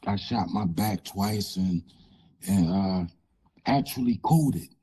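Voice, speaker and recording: A man with a raspy, changed voice, speaking haltingly as an interview guest telling a personal story, with many pauses and fillers. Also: sits low, warm tone.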